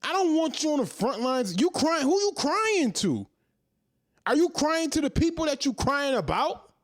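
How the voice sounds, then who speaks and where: A man in his thirties rants straight into the mic, firing off profane rhetorical questions. His pitch swings widely as he heats up, and the sound is dry with no room echo. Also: big pitch swings, normal speed. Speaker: commentary host. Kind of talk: ranting monologue.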